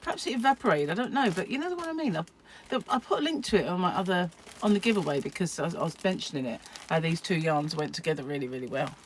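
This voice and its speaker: A woman's voice: fairly low pitch, expressive, fast talker, slight background noise. A middle-aged British woman from the UK, chatting casually to camera as a crochet vlogger, rambling and self-deprecating with frequent laughs. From United Kingdom.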